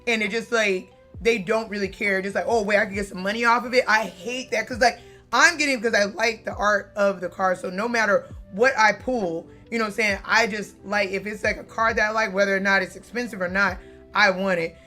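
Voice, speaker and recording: Chatty woman vlogger, sharp bright voice, swears a lot, bit of music low in the back. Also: brisk. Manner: animated, chatty, profane, frequent fillers. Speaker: card-collecting vlogger. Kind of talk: casual storytelling to camera.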